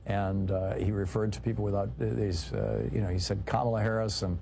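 A man's voice: on the low side, a little fast, gravelly, warm tone, a little hiss or hum. A man hosting a call-in talk radio show, chatting casually with callers and correcting them.

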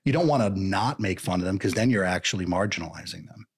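A man's voice: low-pitched, quick pace, gravelly, husky. A man telling a funny story in casual podcast chat, joking and acting out bits. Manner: animated, jokey, acts out voices. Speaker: podcast guest.

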